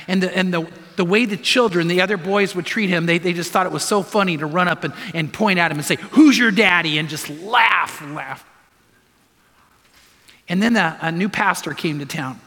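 High, bright-voiced preacher in a hall. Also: male voice. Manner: storytelling, earnest, exhorting with repeated commands. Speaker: pastor. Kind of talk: sermon. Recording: long hall reverb.

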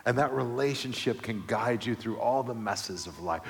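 A middle-aged man preaching a sermon as pastor, telling a family story, moving between quiet, low passages and loud, animated stretches. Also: moderate pace, gravelly. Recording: long reverb of a large hall.

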